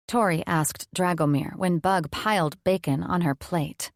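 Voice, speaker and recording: A woman narrates an audiobook in an even, measured way. Her voice sits on the low side, and the studio recording is dry and close. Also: vocal fry, dry recording.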